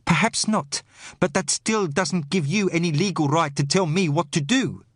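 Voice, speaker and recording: A man's voice: normal speed, breathy edge, dry recording, studio quality. A man voicing a courteous, apologetic rich man. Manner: apologetic, courteous, raised pitch. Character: wealthy male island landowner, polite but firm.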